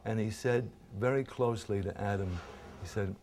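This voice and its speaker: A man in his eighties, an actor being interviewed, telling stories from his old series in a lively, halting way with many fillers. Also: on the low side. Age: 80s. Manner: animated storyteller, acts out quoted voices. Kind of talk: reminiscing interview anecdotes.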